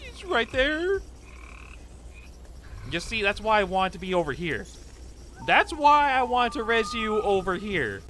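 A man giving excitable gameplay commentary, yelping, taunting and repeating phrases as he plays. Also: high voice, unhurried, long pauses, background noise. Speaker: gaming YouTuber. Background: game music.

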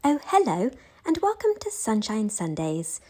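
A woman's voice: mid-range voice, wildly swooping pitch, measured pace, background noise. A woman voicing a bubbly female show announcer, with a sing-song, exaggerated delivery. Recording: music playing behind.

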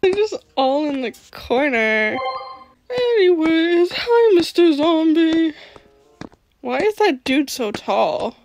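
Casting: woman, high and lively voice, giggly gameplay commentator who chats to game characters. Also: takes it slowly. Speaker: gaming channel host.

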